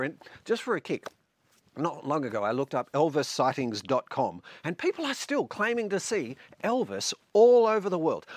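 Guy giving a sermon, kinda high voice that jumps around a lot, tells stories with a bit of humour. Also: no room sound, clean studio sound. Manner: animated storytelling, light humour. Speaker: preacher.

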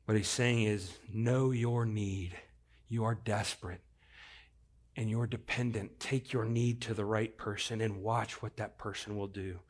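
A male pastor preaching a sermon, swinging from hushed to loud as he acts out the story. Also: fairly low pitch, fairly even intonation, measured pace.

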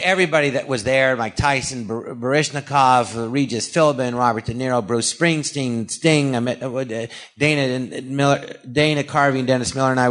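Older male comedian telling animated stories. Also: medium pitch. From California. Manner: animated storyteller, acts out anecdotes, halting restarts. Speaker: comedian guest. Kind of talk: casual storytelling interview.

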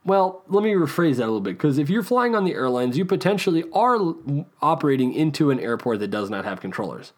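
A man's voice: a little high, big pitch swings, fast. A young American man hosting a podcast, talking casually on his own with a chatty, self-deprecating manner and frequent restarts. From United States. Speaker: podcast host. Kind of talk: casual solo podcast talk.

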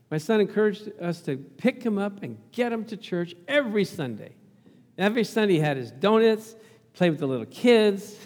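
A man's voice: high-pitched, big-room sound. A middle-aged male pastor preaching a sermon, telling a family story and calling out for amens. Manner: storytelling, acts out quoted voices, calls for amens.

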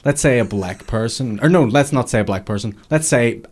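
A man's voice: medium pitch, lively intonation, brisk, darkish tone. A man co-hosting a podcast in casual chat, easygoing, reading comments aloud with dry asides. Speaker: podcast co-host.

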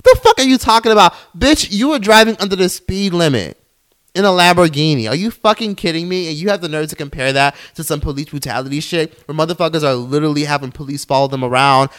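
A man hosting a commentary channel, delivering an angry, profane reaction rant that flares into yelling and mocks the people he quotes. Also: a little high, fairly quick, smooth. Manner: heated, profane, swings into yelling; mocks others in quoted put-on voices.

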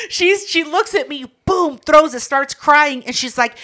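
A woman co-hosting a casual chat, telling profane, animated stories and breaking into loud laughs. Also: high voice, moderate pace, hardly any pauses.

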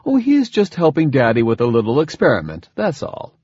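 A man voicing a calm scientist father. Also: mid-range voice, brisk, breathy edge, no room sound, highs cut off, pitched above the performer's own voice. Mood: coaxing.

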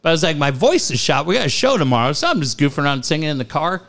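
Animated high-voiced joking man. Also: rapid-fire. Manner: animated, swearing, puts on voices in anecdotes. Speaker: radio show co-host. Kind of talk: casual banter.

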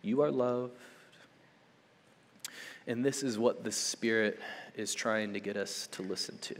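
A young adult male pastor preaching a sermon, swinging between loud urgent build-ups and hushed soft passages, checking in with "okay?" and "right?". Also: on the low side, steady tone, moderate pace, big-room sound. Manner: conversational, with frequent "okay?" and "right?" check-ins.

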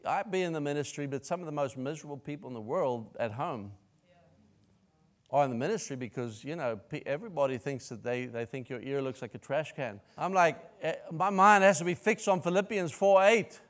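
A man with a slightly high voice delivers a sermon. He talks in a loose, rambling way, restarting his sentences and breaking into bursts of praise. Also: brisk. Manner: rambling, self-interrupting with restarts and praise outbursts. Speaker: pastor.

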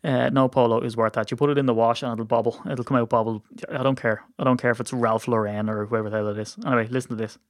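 A man's voice: mid-range voice, steady tone, fast talker, hardly any pauses, no room sound, clean studio sound. A man with an Irish accent hosting a casual sports podcast, rambling and self-deprecating with lots of fillers. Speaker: podcast host. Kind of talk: casual chat.

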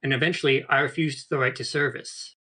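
A man as a podcast guest, telling rambling anecdotes in a relaxed, casual way. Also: medium pitch, a little fast. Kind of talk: casual storytelling.

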